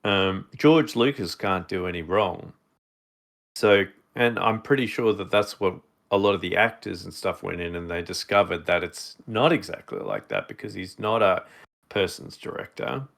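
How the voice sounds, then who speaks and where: A man's voice: sits low, moderate pace, creaky, fairly bright tone. A man co-hosting a podcast in casual chat, rambling with many fillers and restarts. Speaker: podcast co-host.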